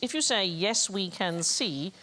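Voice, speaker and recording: A woman hosting a comedy quiz from a TV studio stage, brisk and wry as she reads out each question. Her pitch swings widely, lively and animated. She keeps the pace moving. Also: noisy background. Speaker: quiz show host. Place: TV studio with live audience.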